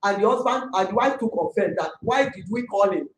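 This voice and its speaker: A middle-aged woman with a Nigerian accent, a landlady complaining about a tenant in an emphatic, excitable way. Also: mid-range voice, fairly quick. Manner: emphatic, excitable, talks forcefully. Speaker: landlady in a dispute. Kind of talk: heated complaint. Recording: echoey room.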